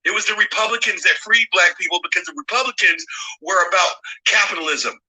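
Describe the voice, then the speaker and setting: A man's voice: sits high, brisk, bright, forceful tone, rough recording. A man arguing politics on a live stream, blunt and emphatic, pressing his points with a challenging "okay?". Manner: blunt and profane. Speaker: guest speaker on a live stream. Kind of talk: heated political argument.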